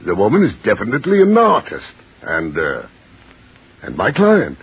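An actor playing a pompous, blustering lord who sputters and stammers, in an old radio play. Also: male voice, fairly low pitch, huge pitch swings, normal speed, slightly rough, heavily acted. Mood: flustered. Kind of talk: 1930s radio drama acting. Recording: muffled old radio recording.

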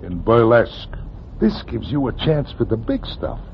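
An actor playing a brusque, slangy theater owner in an old radio drama. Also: male voice, mid-range voice, big pitch swings, normal speed, gravelly. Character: brusque gruff male theater owner, streetwise. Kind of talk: 1940s radio drama acting. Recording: dull old radio recording, faint hiss.

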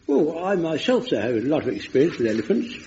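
An actor playing an eager, rambling old lance corporal in a vintage radio comedy. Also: male voice, on the high side, very animated, quick pace, dark tone, a little hiss or hum. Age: older. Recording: dull vintage broadcast recording.

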